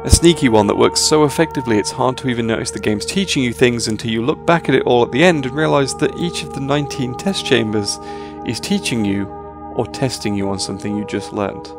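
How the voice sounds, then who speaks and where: A man narrating a scripted video essay in an average-pitched voice. He delivers his points with dry, sarcastic humor. Faint music plays behind him. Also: brisk.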